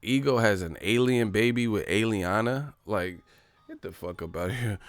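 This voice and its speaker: A man with a low, gravelly voice rambles through a live stream. He curses freely and jokes loosely, reading viewer messages aloud. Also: animated, normal speed, no echo. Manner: profane, joking, puts on voices for bits. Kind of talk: casual live-stream chat reading super chats.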